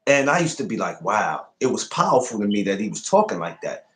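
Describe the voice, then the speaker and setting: A man's voice: lowish voice, fast. A man hosting a podcast, chatting casually, telling stories and asking probing questions. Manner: animated storyteller, asks probing questions. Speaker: podcast host.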